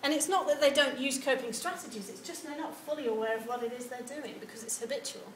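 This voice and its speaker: A high-pitched woman lectures students in an echoey room, lively and acting out sample answers in quoted voices. A faint hum of noise sits under her voice. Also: fast. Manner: animated, acts out example replies. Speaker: university lecturer. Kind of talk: lecture on research methods. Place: lecture hall.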